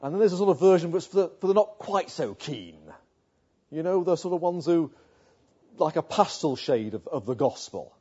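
Brief: male preacher, dark husky voice, earnest sermon delivery. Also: on the high side, expressive, normal speed. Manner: earnest, rhetorical questions, builds to emphatic passages. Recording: muffled lo-fi sound.

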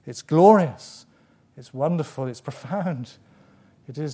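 Guy preaching, warm mellow voice, slows down and repeats stuff for emphasis. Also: on the high side. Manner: emphatic, with dramatic pauses and repetition. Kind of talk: sermon.

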